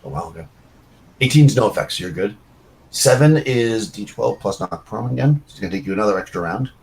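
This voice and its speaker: A man's voice: on the low side, animated, a little fast, creaky, darkish tone, slight background noise, poor audio. A man running a tabletop game as game master, giving loose, chatty rulings with many fillers.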